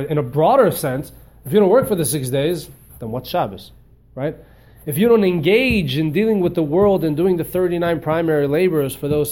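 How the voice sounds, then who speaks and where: A man teaching a religious class, telling stories in an animated way and often repeating words as he hunts for the phrase. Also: a little high. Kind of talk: storytelling lecture.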